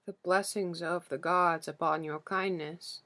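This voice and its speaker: A woman reading the part of an aged, grieving king, speaking slowly and humbly with a foreign accent. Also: lowish voice, fairly even intonation, a bit bright. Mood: pleading. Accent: foreign-accented speech as the figure. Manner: slow, careful pleading speech. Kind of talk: audiobook character reading.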